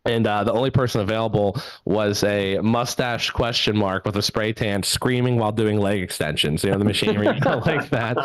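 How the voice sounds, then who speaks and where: A man's voice: fairly low pitch, normal speed, few pauses, dry recording. A man in his thirties from southwestern Pennsylvania doing a rambling, self-deprecating stand-up set into his laptop. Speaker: stand-up comedian.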